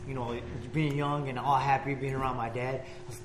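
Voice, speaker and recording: A man's voice: mid-range voice, fast, few pauses. A man telling a story on a podcast, laughing and swearing his way through it in a casual chat. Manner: animated, profane storytelling with laughter. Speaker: podcast co-host. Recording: echoey room with loud background noise.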